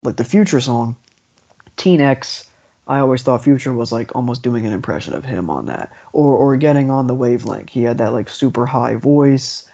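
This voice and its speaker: A man's voice: mid-range voice, moderate pace, vocal fry, warm tone. A man hosting a podcast, talking through an album in a casual, rambling way with lots of restarts. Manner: rambling, restarts often, enthusiastic. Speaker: podcast host. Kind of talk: casual music discussion. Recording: dull lo-fi podcast audio.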